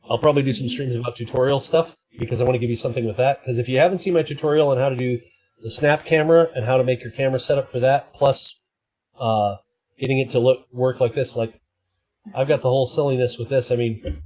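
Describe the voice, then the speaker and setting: A man's voice: medium pitch, darkish tone, low-quality recording. Playful, rambling male live streamer. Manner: playful, rambling, breaks into silly voices. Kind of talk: casual live stream chat.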